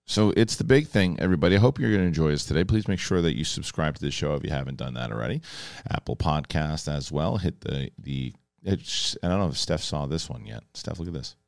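A man in his thirties hosting a podcast, rambling and animated as he tells stories, with frequent restarts. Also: extremely low pitch, brisk, creaky, dry recording, studio quality. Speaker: podcast host. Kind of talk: casual chat.

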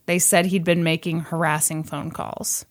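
With a deep, level voice at normal speed, a young woman co-hosts a podcast. She tells a story in relaxed chat, reads quotes aloud, and adds humorous asides.

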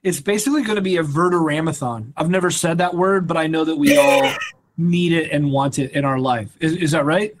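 A man's voice: fairly high pitch, brisk. Joking, rambling male podcast host. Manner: rambling, jokey, breaks into laughter. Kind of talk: casual sports podcast chat.

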